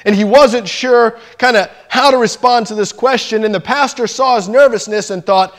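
A male preacher delivering a sermon with a voice set high for a man. He tells his story in an animated way, slowing down and leaning on key phrases for emphasis.

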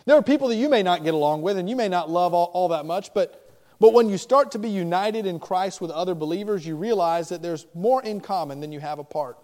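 A pastor preaching a sermon, with animated, emphatic delivery and rising questions. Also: male voice, high-pitched, fairly quick, in a large hall.

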